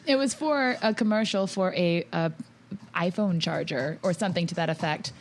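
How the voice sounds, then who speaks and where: A woman's voice: on the low side, a little slow. A woman co-hosting a podcast, chatting casually and laughing through her story. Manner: giggly, chatty. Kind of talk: casual interview chat.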